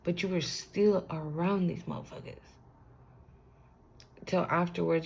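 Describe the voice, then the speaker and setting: A woman's voice: lowish voice, fairly even intonation, unhurried, creaky, a little mellow, slightly rough. A young woman giving a casual spiritual card reading to the camera, talking in a loose, slangy way, swearing freely and speaking straight to the viewer.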